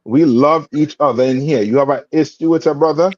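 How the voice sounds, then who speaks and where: A man's voice: on the high side, a little fast, darkish tone, no echo. A man teaching a scripture class in plain street talk, quizzing his student with repeated "you understand?" checks. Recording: dull lo-fi sound.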